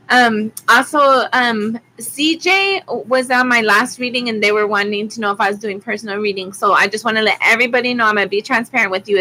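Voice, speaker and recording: A woman's voice: on the high side, sharp tone, slight background noise, rough recording. A woman from Arizona giving a rambling, chatty live-stream tarot reading, with frequent ums. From Arizona, USA. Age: adult with school-age kids. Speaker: tarot reader.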